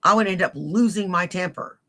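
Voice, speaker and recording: A woman's voice: on the low side, a little fast, bright, forceful tone. A woman in a played clip, ranting furiously and cursing heavily as she accuses someone. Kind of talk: angry profane rant.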